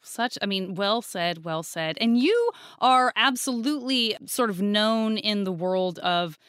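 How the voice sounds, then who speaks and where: A woman hosting a podcast, introducing guests in a playful, animated way. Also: mid-range voice, smooth, dry recording, clean studio sound. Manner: playful, animated, pauses for comic effect. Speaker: podcast host. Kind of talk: casual podcast chat.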